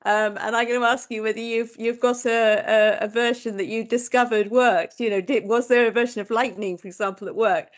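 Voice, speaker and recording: A woman asking an enthusiastic, chatty question at an online seminar. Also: a little high.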